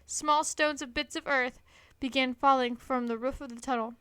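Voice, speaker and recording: A woman reading a children's storybook aloud in an expressive, lively manner. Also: sits high, normal speed, clean tone, no room sound. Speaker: storybook reader.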